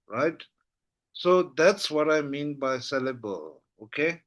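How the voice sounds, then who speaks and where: Casting note: man as an unhurried language tutor, fairly high and very lively in pitch, patient and repetitive. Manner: patient, repeats syllables slowly, checks understanding often. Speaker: Tibetan language teacher. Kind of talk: slow spoken lesson.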